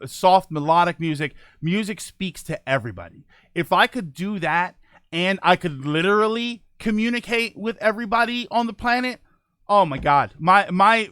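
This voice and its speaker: A man's voice: high-pitched, a bit bright, no room sound, clean studio sound. A man hosting a live stream, chatting casually with his viewers and reading their comments aloud, with a rambling, self-correcting way of talking. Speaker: livestream host.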